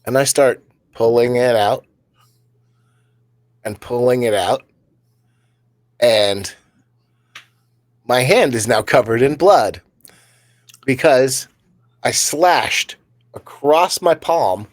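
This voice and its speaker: A man's voice: medium pitch, slow, pauses often, no echo. A man co-hosting a comedy podcast, telling rambling workplace stories and laughing at his own jokes. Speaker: podcast co-host. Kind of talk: casual comedic storytelling.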